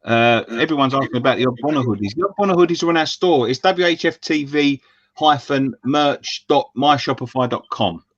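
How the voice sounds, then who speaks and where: A man's voice: medium pitch, brisk, no room sound, muffled recording. A man with a London accent co-hosting a fan show in casual, sweary banter, laughing often. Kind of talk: casual pub-style banter.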